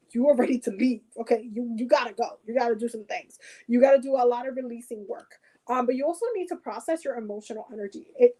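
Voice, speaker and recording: A woman's voice: high-pitched, warm tone, poor audio. A woman doing a spoken oracle card reading, talking straight to the viewer, repeating her points and checking in with "okay?". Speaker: tarot reader.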